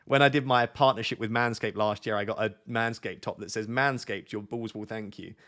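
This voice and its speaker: A man's voice: on the low side, fairly even intonation, a little fast, a bit bright. A man chatting casually on a live stream, waffling and joking as he answers questions from viewers.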